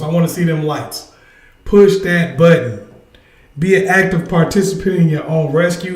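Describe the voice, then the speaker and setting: A man's voice: fairly high pitch, a little mellow, roomy sound. A man hosting a casual livestream, energetically urging his viewers to join in. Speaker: livestream host. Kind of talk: casual live chat with viewers.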